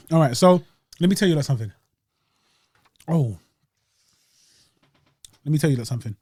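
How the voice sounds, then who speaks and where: A young man chats easily about a dessert, full of slang and asides. His voice sits a touch high for a man and sounds dry and close-miked. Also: lively intonation, moderate pace, darkish tone, breathy edge, no room sound. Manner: laid-back, slangy and chatty, eating while talking. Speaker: podcast host reviewing desserts. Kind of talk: casual chat.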